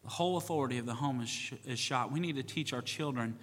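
Bright-voiced pastor preaching in a reverberant church. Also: male voice, medium pitch, fast. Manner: folksy, repeats "you know what?", acts out quoted voices. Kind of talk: sermon. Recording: church sanctuary with long reverb.

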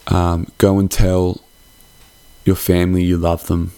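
A young man with a very deep voice talks in a flat, even tone. He rambles through a heartfelt, casual holiday sign-off and drops a swear word here and there. The sound is dry and close to the mic. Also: measured pace, clean tone, dry recording. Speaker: podcast host.

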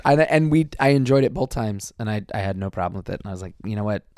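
A man rambling enthusiastically in a podcast chat, often restarting his sentences. His voice has a gravelly fry, and his pitch swings widely. The recording is dry and close. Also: animated, quick pace, darkish tone, no echo. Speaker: podcast co-host. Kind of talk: casual chat.

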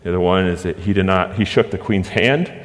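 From the pulpit, a pastor with a lowish male voice delivers a sermon full of rhetorical questions and lingering dramatic pauses. His words trail off into the long reverb of a large hall.

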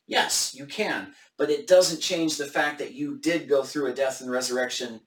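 A man's voice: medium pitch, steady tone, moderate pace, hardly any pauses, roomy sound, far from the mic. A man hosting a casual Bible study discussion live on camera, thinking aloud with hesitant restarts.

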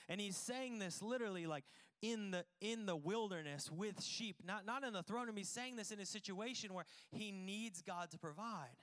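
A man preaching a Sunday sermon in a notably high, smooth and resonant voice. He talks earnestly and stacks repeated phrases to press each point home. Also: moderate pace, fairly bright tone. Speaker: pastor. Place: church in Arizona.

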